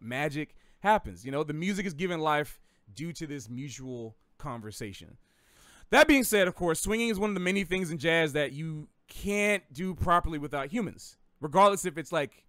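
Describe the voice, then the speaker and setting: A man's voice: on the high side, fairly bright tone, dry recording, clean studio sound. Chatty Southern man teaching jazz. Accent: slight Southern American. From American South. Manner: rambling, self-correcting, chatty with gaming analogies. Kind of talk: casual livestream lesson.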